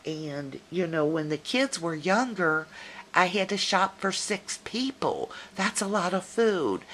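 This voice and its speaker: A woman's voice: low voice, a bit bright, a little hiss or hum. A middle-aged woman with a Southern US accent, chatting casually and telling folksy stories to a viewer in a video message. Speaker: vlogger.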